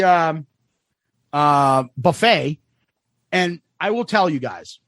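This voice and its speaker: Animated high-voiced podcast host. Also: male voice, no echo. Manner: animated, profane storytelling. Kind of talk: casual chat.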